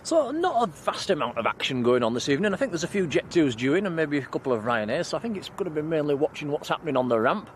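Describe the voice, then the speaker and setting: Outdoors at night near an airport, a livestream host chats and reads comments, thanking viewers by name. His voice is on the high side and sing-song, moving at a quick pace with hardly any pauses, and a little hiss or hum is audible.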